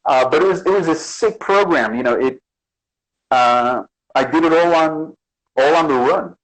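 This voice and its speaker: A man's voice: on the high side, moderate pace, rough recording. A man from the Bronx, a guest artist chatting casually in an interview and acting out his stories. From the Bronx, New York. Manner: animated storyteller, acts out quotes.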